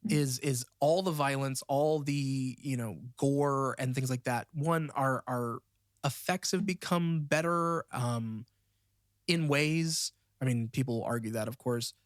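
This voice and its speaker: Male co-host with a measured delivery in relaxed movie chat; middle pitch, dry recording. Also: no room sound. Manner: measured, adds facts and brief agreements. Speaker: podcast co-host. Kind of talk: casual film discussion.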